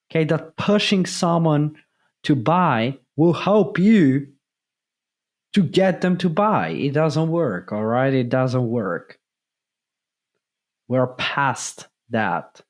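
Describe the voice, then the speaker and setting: A man's voice: a little high, darkish tone. A man giving a motivational talk as a sales mentor, emphatic and repetitive, often checking in with "okay?". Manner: emphatic, repeats key points, asks "okay?".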